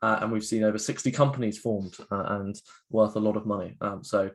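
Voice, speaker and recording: A man's voice: lowish voice, fairly even intonation, brisk. Chatty upbeat man on a video call. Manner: chatty, upbeat, filler-heavy. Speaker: guest speaker, education co-founder. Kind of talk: interactive online talk.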